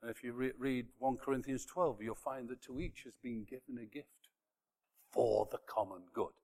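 Preacher man shouting his emphasis, reverberant hall. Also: medium pitch, steady tone, normal speed, vocal fry. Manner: bursts into loud shouted emphasis. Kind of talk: sermon.

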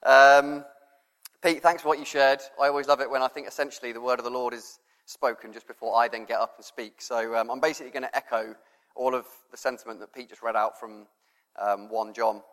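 A man's voice: mid-range voice, level tone, fairly quick, fairly bright tone. Chatty male preacher in a reverberant hall. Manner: chatty, rambling with fillers. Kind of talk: informal sermon.

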